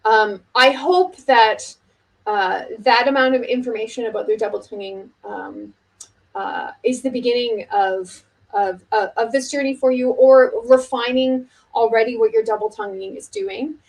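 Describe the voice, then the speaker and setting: A middle-aged woman teaching oboe technique in a relaxed video lesson, talking casually with many fillers and restarts. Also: a little high, measured pace, creaky, low-quality recording.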